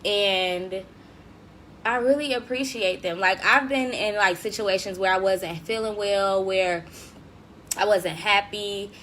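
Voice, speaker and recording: Speaking slowly in a mid-range voice, a young woman runs a relaxed livestream on a desk mic with faint background noise. She keeps things upbeat and slangy, reads comments aloud, talks straight to her viewers, and laughs a lot.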